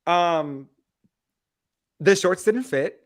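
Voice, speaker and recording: A man's voice: high voice, drawn-out words, no room sound, clean studio sound. An American man in his thirties co-hosting a podcast, telling funny stories in a playful, dramatic way. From United States. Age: 30s. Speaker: podcast co-host. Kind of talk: casual chat.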